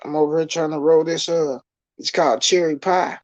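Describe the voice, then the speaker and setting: A man speaking as a guest on a live stream, blunt and slangy, stating his opinions flatly. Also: fairly high pitch, normal speed, no echo. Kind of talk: casual live stream chat. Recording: dry, dull lo-fi call audio.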